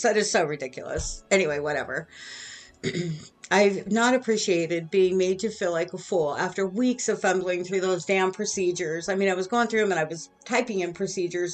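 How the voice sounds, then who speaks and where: A middle-aged woman venting in an indignant, sarcastic monologue aimed at her former bosses. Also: mid-range voice. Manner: indignant, sarcastic, with bitter laughs. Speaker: vlogger. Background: soft music.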